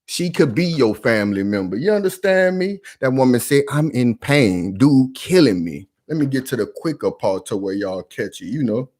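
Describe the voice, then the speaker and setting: A man's voice: medium pitch, animated, moderate pace, few pauses, darkish tone. A man giving casual reaction commentary, emphatic and full of street slang, often calling out to his viewers.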